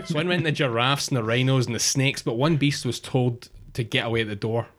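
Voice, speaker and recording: A man telling a crude, jokey comic story with deadpan asides. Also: mid-range voice, normal speed. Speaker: podcast co-host telling a monster story.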